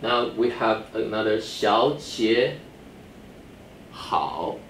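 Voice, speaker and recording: A Chinese teacher, male, speaks slowly in a lowish voice during a classroom lecture, patiently explaining rules step by step and confirming students understand. The sound is distant and echoey, with faint background noise.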